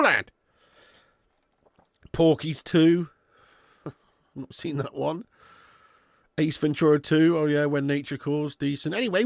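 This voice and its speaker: Gravelly, sweary fan host. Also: male voice, sits high, dry recording, studio quality. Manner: sweary, bantering, excitable. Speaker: host of a football fan watch-along. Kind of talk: live match commentary and chat.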